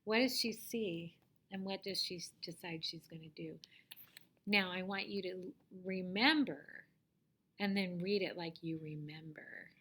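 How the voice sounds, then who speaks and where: A woman teacher giving a reading lesson to young children, patiently asking them questions and sometimes dropping to a soft whisper. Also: on the low side, unhurried.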